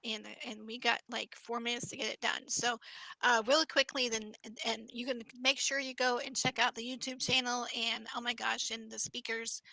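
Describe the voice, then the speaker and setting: An American woman hosting a podcast, talking in a hurried way to keep the show on schedule, over a webcam call. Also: fairly high pitch, gravelly, pushed and bright, no echo, low-quality recording. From United States. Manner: hurried, keeps the show moving. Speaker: host, business coach. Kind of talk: casual podcast chat.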